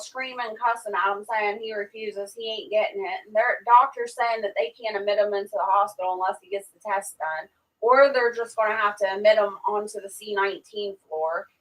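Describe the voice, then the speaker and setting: A woman's voice: moderate pace, recorded from a distance, rough recording. A woman hosting a livestream, casually telling a long story and acting out what people said. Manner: animated, acts out quotes with raised pitch.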